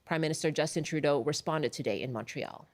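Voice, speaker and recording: A woman's voice: low voice, a little fast, darkish tone, slight background noise. A woman hosting a public radio show, friendly and chatty, laughing easily with her guests. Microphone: studio microphone.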